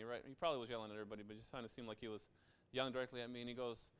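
Young male pastor, very clear resonant voice, casual conversational sermon with frequent asides. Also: medium pitch, fairly even intonation, racing, a bit bright.

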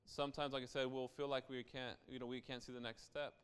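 Young male pastor, very clear resonant voice, casual conversational sermon with frequent asides. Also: medium pitch, little pitch movement, fast.

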